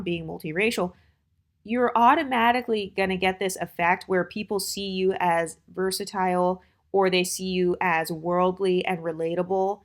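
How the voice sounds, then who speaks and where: A woman's voice: on the low side, fairly even intonation, moderate pace. An American woman hosting her channel, giving dating advice in a blunt, opinionated, chatty monologue full of fillers. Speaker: channel host.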